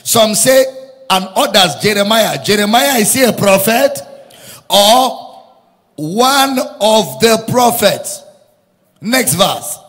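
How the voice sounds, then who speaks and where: Male preacher, high and animated, sing-song emphatic sermon in an echoing hall. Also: slow pace, pauses often. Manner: emphatic, repeats lines, rises into sung preaching cadence.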